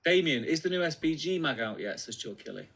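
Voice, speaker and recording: A man's voice: fairly high pitch, animated, fairly quick, vocal fry, fairly bright tone, a little hiss or hum. A man co-hosting a casual livestream, reading viewer comments aloud in a laid-back way with many fillers. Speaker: co-host reading chat comments.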